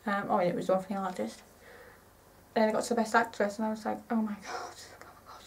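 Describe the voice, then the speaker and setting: A woman in her twenties chatting casually to camera in a rambling, excitable way, often correcting herself. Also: mid-range voice, quick pace, gravelly, recorded from a distance, slight background noise, rough recording. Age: 20s. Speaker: vlogger.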